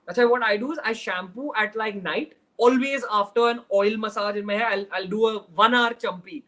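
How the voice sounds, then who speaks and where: A man's voice: high-pitched, a little fast, sharp tone, low-quality recording. A young man from Mumbai with a Mumbai Indian English accent, hosting a casual livestream Q&A in a chatty, direct way and slipping into Hindi phrases. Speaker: host.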